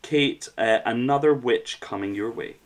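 A man's voice: medium pitch, unhurried. A man hosting a casual podcast quiz round, playful and chatty. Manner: playful, animated quizmaster. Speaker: quiz host.

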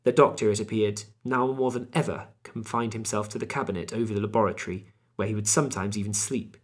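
A man narrating a classic novel as an audiobook in a measured, steady way. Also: on the low side, husky.

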